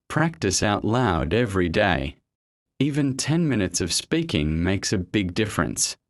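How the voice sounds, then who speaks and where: Lively low-voiced man narrating a lesson. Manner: measured, emphatic delivery. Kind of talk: scripted motivational narration.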